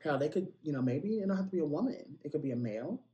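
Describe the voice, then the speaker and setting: A man's voice: fairly high pitch, lively intonation, fast talker, dark tone, reverberant, lo-fi sound. A man hosting a celebrity gossip podcast, chatty and playful, with lots of asides and direct calls to his listeners. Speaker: podcast host.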